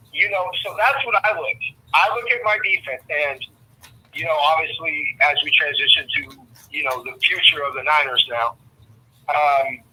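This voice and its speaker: A man's voice: fairly high pitch, sharp tone, husky, rough recording. A middle-aged man giving his opinions in a casual sports talk, often repeating words as he thinks. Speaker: guest sports commentator.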